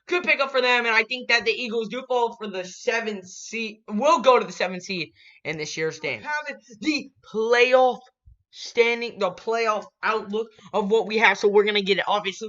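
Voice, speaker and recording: A young man hosting a casual sports prediction vlog, hyped and swinging from quiet muttering to loud shouts. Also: high-pitched, dull audio. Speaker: sports channel host.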